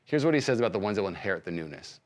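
A man preaching a sermon as pastor, swinging between quiet, slow passages and loud, fervent bursts, often repeating words as he restarts. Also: lowish voice, very animated.

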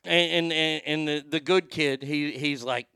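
A middle-aged man hosting a show, telling a story in a loose, profane rant. He keeps stammering and restarting, and his voice is bright and clear. The room sounds dry and close. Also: on the high side, fairly even intonation, a little slow, no room sound. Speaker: show host. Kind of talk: casual ranting monologue.

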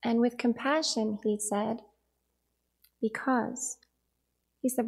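A woman in her forties gives an earnest dharma talk, weaving a family story into a teaching. Her voice sits a little high, with a gravelly, husky edge. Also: fairly even intonation, takes it slowly, pauses often.

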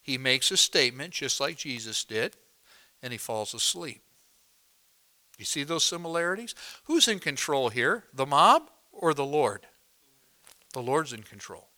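A pastor delivers a sermon in a medium-pitched, sing-song voice, taking his time with long pauses. He swings between hushed moments and loud, emphatic climaxes.

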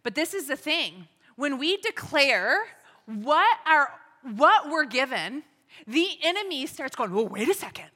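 Woman ministry teacher, high bright voice, slow earnest exhortation, long hall reverb. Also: sing-song. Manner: earnest, exhorting, with rhetorical questions. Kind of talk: church teaching talk.

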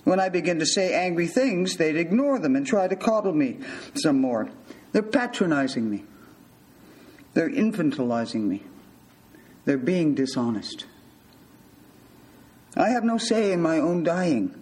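A man's voice: on the high side, sing-song, unhurried, pauses often, a little mellow, rough recording. A man voicing a sardonic, biting patient in his fifties. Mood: bitter. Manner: biting, articulate disdain.

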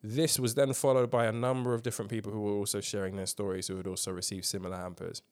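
A man's voice: on the low side, little pitch movement, quick pace. A man hosting a casual current-affairs podcast, telling a story emphatically with swearing and lots of ums. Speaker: podcast host.

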